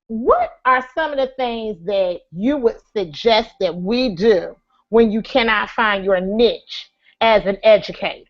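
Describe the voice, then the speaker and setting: A woman moderating a live online panel discussion, speaking with frequent pauses and fillers. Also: on the high side, a bit bright. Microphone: video call. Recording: lo-fi web call audio.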